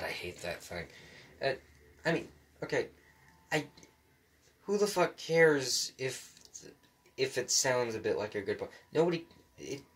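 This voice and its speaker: A man delivering a rambling, profane rant to the mic, stammering and restarting often. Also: medium pitch. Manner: rants, then calms into musing. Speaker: solo commentator.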